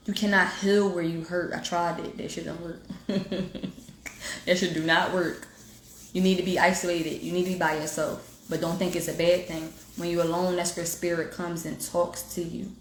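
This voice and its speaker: On a phone livestream, a woman with a fairly low-pitched voice, heard with reverb and a little hiss or hum, preaches about self-healing. She has an African American Vernacular English accent and talks straight to viewers in a direct, emphatic, preachy way, offering spiritual motivation in casual talk.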